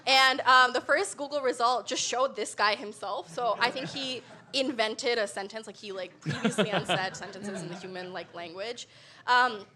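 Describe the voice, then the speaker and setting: A young adult woman delivering an animated comedic talk to a live audience, laughing often between lines. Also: on the high side, normal speed. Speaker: comedy show guest.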